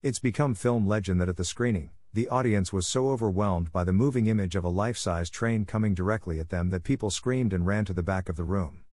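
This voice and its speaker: Deadpan low-voiced male storyteller. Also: a little fast, hardly any pauses, no echo. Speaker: narrator. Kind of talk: scripted comic story narration.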